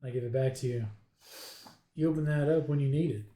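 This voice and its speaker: A man's voice: medium pitch, a little fast, mellow. A man playing a tabletop game, casually narrating his character's actions in first person. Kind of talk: casual role-play chat. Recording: roomy echo.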